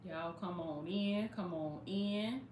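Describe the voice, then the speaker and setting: Speaking slowly in a fairly low voice, a livestream host and life coach leads a relaxed preaching session, greeting viewers again and again and addressing them as "baby" with warmth. Her echoey room adds slight background noise.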